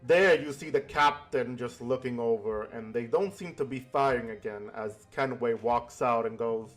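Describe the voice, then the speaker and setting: A man narrating a tabletop game as game master in slow, halting sentences. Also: medium pitch, faint music behind.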